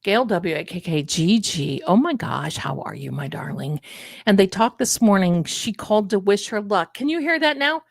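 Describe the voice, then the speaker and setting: A woman's voice: mid-range voice, animated, moderate pace, creaky, dry recording, studio quality. A woman hosting a casual live stream, chatting animatedly with her viewers and calling them her loves. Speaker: livestream host.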